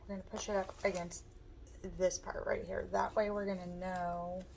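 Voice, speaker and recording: A woman with a hoarse voice, casually explaining step by step how she makes a wreath as she works. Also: lowish voice, little pitch movement, moderate pace, darkish tone, a little hiss or hum, low-quality recording. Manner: chatty, talks while working with her hands. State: hoarse, losing her voice. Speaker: craft tutorial host. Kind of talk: step-by-step crafting instruction.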